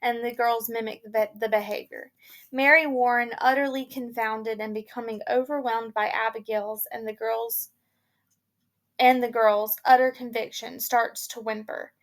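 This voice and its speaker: A woman's voice: on the high side, steady tone, normal speed. A woman teacher casually explaining and summarizing a play between readings, chatty and full of "like" and "you know".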